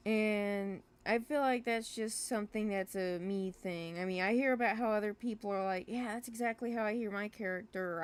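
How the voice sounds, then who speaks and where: Woman, casual livestream chat, rambling, hesitant, fillers and restarts, apologetic, mid-pitched voice. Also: clear, resonant tone. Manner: self-deprecating, apologetic. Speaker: webcomic creator streaming live.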